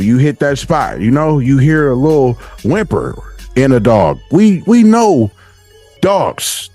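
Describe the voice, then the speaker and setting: A man hosting a podcast, talking casually in slangy, profane language and reacting with animated bursts. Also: mid-range voice. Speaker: podcast host. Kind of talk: casual commentary.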